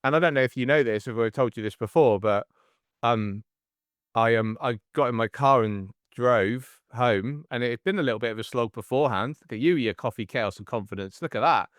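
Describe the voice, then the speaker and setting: A man in his forties hosting a casual podcast chat, telling stories in an animated way and acting out the people in them. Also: medium pitch, brisk, no room sound, clean studio sound. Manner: animated storyteller, acts out the voices in his stories. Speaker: podcast host and coach.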